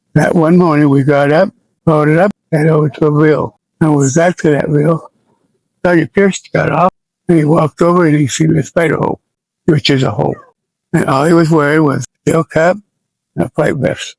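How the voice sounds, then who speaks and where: Older american guy in his 70s, bit high pitched, gravelly voice, plain somber talk, dry sound. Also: fairly even intonation, moderate pace, no echo, rough recording. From United States. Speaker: veteran interviewee. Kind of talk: oral history recollection.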